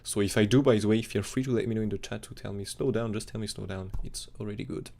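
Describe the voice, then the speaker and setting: Fast-talking gravelly male crypto streamer. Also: on the low side, steady tone, dark tone. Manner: fast, rambling, non-native phrasing with fillers. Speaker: crypto chart analyst streamer. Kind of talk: live-stream technical analysis chat.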